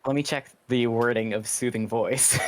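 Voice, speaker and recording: Man game master, halting, explanatory, medium pitch. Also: fairly even intonation. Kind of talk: narrating a tabletop game.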